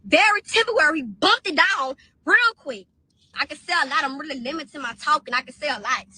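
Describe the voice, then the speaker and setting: Woman ranting in a clip, super high and bright, keeps repeating herself. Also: animated, fairly quick, no echo. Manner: upset, repeats herself, rants. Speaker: woman speaking in a social media clip. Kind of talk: emotional venting to camera.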